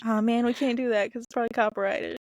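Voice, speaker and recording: A woman's voice: on the high side, racing. A woman in her thirties with a Southern US accent, co-hosting a podcast in casual, giggly chat. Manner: chatty, giggly, animated storytelling. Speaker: podcast co-host.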